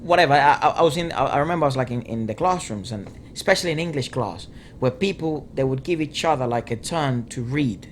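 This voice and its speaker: Young Spanish-speaking male co-host, mid-pitched, rambling and animated, faint rumble behind. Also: fast. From Latin America. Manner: animated rambling storyteller, heavy "like" fillers. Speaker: reaction video co-host. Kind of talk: casual chat.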